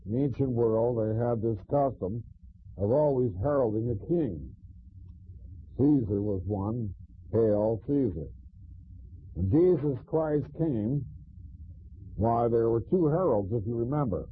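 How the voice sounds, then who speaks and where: Husky male Bible teacher, tinny sound. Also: medium pitch, animated. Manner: measured teaching with frequent "uh" pauses.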